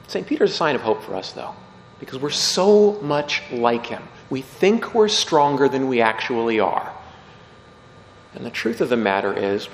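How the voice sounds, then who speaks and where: A man's voice: in a large hall, a little hiss or hum, poor audio. A man, a priest, reads the gospel and gives a short homily, raising his voice to act out the people he quotes. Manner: acts out quoted voices with rising pitch and force.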